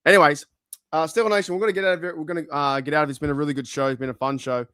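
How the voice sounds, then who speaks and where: A man from Australia hosting a fan live stream, talking in a chatty, excitable way and swearing now and then. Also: a little high, racing, clear, resonant tone, no echo, clean studio sound. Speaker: fan channel host. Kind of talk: casual live-stream chat.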